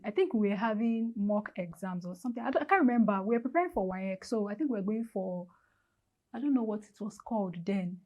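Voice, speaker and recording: Chatty Nigerian woman telling a story. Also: medium pitch. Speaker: vlogger. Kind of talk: storytime vlog. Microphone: lavalier.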